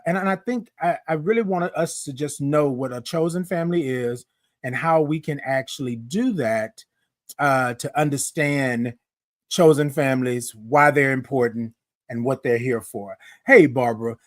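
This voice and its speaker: A man hosting a live-streamed morning show, chatty and lively, calling out greetings to his viewers. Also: medium pitch, a little slow, dry recording, studio quality. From Houston, Texas. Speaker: host.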